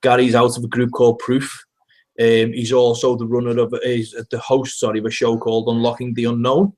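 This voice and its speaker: A man's voice: mid-range voice, monotone, a little fast, a little mellow. A man with a Scouse accent, co-hosting a casual online show and signing off with friendly chatter. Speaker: podcast co-host. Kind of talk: casual chat, sign-off. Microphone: video call.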